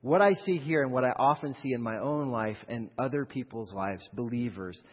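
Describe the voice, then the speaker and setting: Male preacher, mid-pitched, husky; swings from loud pleading to low hush; reverberant hall, dull lo-fi sound. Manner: animated preaching, rising loud in acted-out fears, dropping low and slow. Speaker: pastor. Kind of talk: sermon.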